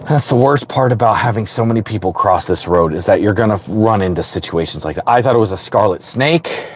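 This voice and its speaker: A man's voice: fairly low pitch, lively intonation, brisk. A man talking casually and rambling with fillers while driving, filming a reptile vlog from a car. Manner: chatty, rambling, frequent fillers and restarts. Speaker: reptile vlogger. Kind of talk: casual running commentary while road cruising. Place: in a car on a road at night, outdoors. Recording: noisy car and outdoor road noise.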